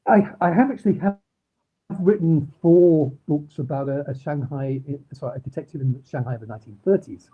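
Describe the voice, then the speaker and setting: Middle-aged Manchester man, interview guest, husky and rambling, tinny video-call line. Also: on the high side, fairly quick. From Manchester, England. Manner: rambling, many ums and restarts. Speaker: crime novelist guest. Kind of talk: casual interview chat.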